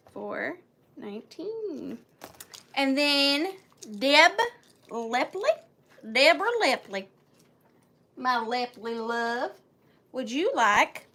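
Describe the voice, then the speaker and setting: A woman's voice: high voice, pushed and bright. A woman hosting a live vintage sale, chatting playfully with viewers by name and counting down bids. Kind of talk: live auction selling chat.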